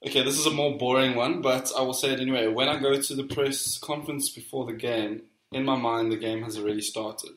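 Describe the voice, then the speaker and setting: A man's voice: medium pitch, fairly even intonation, brisk, few pauses, a bit bright. Playful man reading quiz quotes, echoey. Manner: playful, reads quotes aloud. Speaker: podcast co-host, quiz master. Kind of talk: casual quiz chat.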